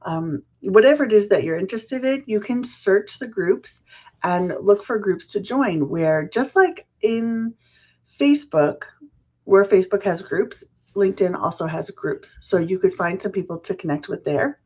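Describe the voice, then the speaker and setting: A woman hosting a casual business chat show, chatty and friendly, her voice a little rough from the early morning. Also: medium pitch, animated, normal speed, a little mellow, lo-fi sound. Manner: chatty, laughs at own slips. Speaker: podcast host.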